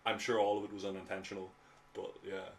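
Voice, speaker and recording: A man's voice: sits low, little pitch movement, quick pace, creaky. An Irish man co-hosting a podcast, speaking in an easygoing way, agreeing often and leaning on fillers. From Ireland. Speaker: podcast co-host. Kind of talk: casual chat.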